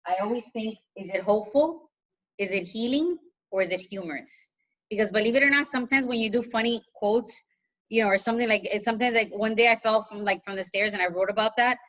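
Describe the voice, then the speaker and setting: A woman's voice: medium pitch, a bit bright, muffled recording. A woman coach talking casually on a video call, chatty and encouraging, with plenty of fillers. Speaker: coach mentor.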